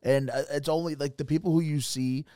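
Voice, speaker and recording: A man's voice: a little high, steady tone, brisk, mellow, clean tone, dry recording, clean studio sound. A man co-hosting a comedy podcast, rambling and swearing a lot in casual banter. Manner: profane, rambling. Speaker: podcast co-host.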